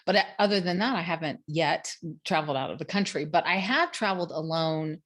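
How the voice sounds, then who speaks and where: A woman's voice: low voice, expressive, brisk. A woman co-host chatting casually, reflective and fond of "like". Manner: reflective, lots of "like" and encouraging "mm-hmm"s. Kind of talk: casual chat.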